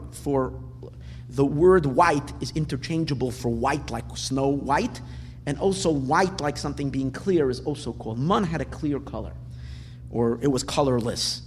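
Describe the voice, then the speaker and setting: A man teaching a Torah class in an animated way, repeating words for emphasis and asking rhetorical questions. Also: on the high side. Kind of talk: lecturing on weekly Torah portion. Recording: long hall reverb, faint background noise.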